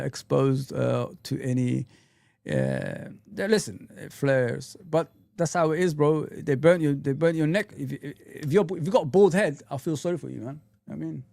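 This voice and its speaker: A young man hosts a casual livestream in a loose, slangy way. His voice sits a little high and has plenty of gravel to it, and the sound is dry and close. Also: a little mellow, no room sound. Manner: loose, chatty, with slang like "big up" and "innit". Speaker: livestream host. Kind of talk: casual live chat reading comments. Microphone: streaming setup mic.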